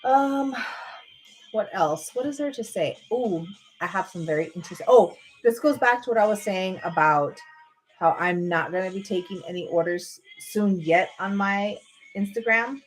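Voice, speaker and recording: A woman's voice: mid-range voice, moderate pace, soft background music. Woman vlogger, loose chatty delivery, lots of restarts and "dude", at her computer in bed. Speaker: vlogger on a livestream. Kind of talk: rambling casual chat. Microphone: computer microphone.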